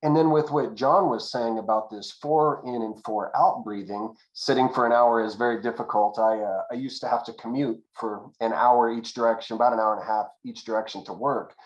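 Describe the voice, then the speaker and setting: A man on a panel, telling a personal story in a measured, reflective way. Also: mid-range voice, fairly even intonation, highs cut off. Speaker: panel guest. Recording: echoey room.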